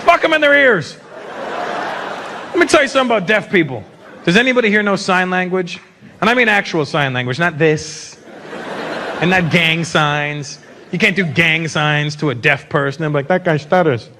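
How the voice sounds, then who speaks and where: A man's voice: a little high, animated, moderate pace, long pauses, background noise. A man in his fifties from Canada doing a brash stand-up set, teasing the crowd and slipping into voices. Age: 50s. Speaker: stand-up comedian. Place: large live venue. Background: faint audience laughter.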